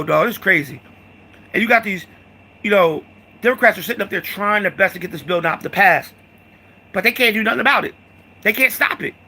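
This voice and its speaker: Man, angry profane rant, high voice, gravelly, sharp bright tone. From United States. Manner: heated, profane, repetitive, addresses listener as "dog".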